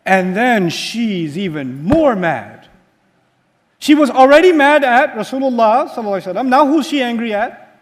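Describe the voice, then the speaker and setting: Male preacher, very high voice, lively storyteller, quizzes the audience. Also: normal speed. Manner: asks the audience rhetorical questions; animated storytelling. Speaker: Islamic teacher. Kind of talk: sermon-style lecture.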